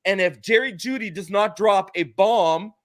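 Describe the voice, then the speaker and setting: A man in a podcast roundtable, arguing his sports points emphatically in quick bursts. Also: sits high, no room sound, studio quality. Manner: emphatic, argumentative, rapid bursts. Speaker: podcast guest. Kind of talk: heated sports roundtable debate.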